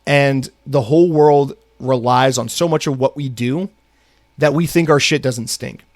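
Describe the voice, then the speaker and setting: On his solo podcast, an American man lets loose an angry rant full of swearing and then shifts to reading the news. He speaks unhurriedly in a mid-range voice with a darkish tone. The recording is dry with clean studio sound.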